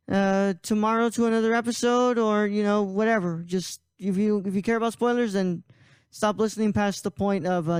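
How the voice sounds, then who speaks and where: A man's voice: high voice, clear, resonant tone, no echo. A man hosting a casual podcast, rambling with frequent laughs and restarts. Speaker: podcast host.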